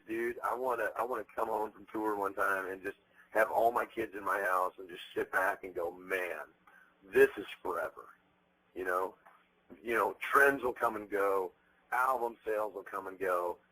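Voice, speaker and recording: A man in his thirties being interviewed, telling stories bluntly with plenty of profanity and animated energy. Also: fairly low pitch, moderate pace, low-quality recording. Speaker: interviewed musician. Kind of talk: candid interview talk.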